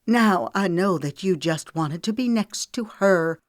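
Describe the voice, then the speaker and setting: A woman's voice: lowish voice, expressive, unhurried, no echo, clean studio sound. A woman voicing a hurt, fiery young red-haired woman in an audiobook reading, speaking in a raised, heated tone. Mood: angry, tearful.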